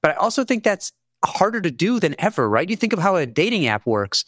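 A man, an author being interviewed, who explains ideas in a thoughtful, measured way. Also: high voice, very animated, fairly bright tone, no echo, studio quality.

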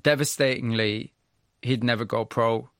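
A man's voice: medium pitch, steady tone, measured pace, fairly bright tone, no room sound. Male radio presenter, dry studio voice. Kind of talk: scripted narration and interviewing.

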